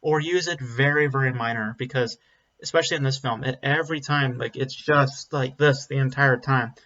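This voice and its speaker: A man's voice: mid-range voice, steady tone, moderate pace, fairly bright tone. A man giving a casual spoken film review, blunt and rambling, with frequent ums and restarts. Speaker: movie reviewer. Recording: slightly dull lo-fi audio.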